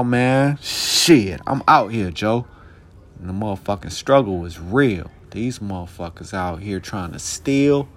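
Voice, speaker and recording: A young man hosting a podcast, talking alone in a rambling, profane, streetwise way, now and then flaring into heated questions. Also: fairly low pitch. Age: young adult. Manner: heated bursts into shouted questions. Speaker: podcast host. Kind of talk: casual monologue.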